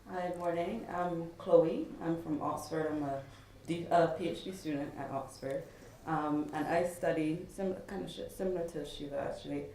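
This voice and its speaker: A young woman in her twenties, a doctoral student, introducing herself on a panel with quick restarts. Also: low voice, fairly even intonation, warm tone, slight background noise. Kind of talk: conference self-introduction. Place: big conference room. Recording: echoey conference room.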